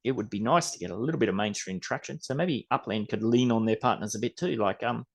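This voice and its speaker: A man's voice: lowish voice, fast, gravelly, few pauses. A man with an Australian accent hosting a podcast in rambling, casual chat, swearing mildly. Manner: rambling, chatty, mild swearing. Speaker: podcast host.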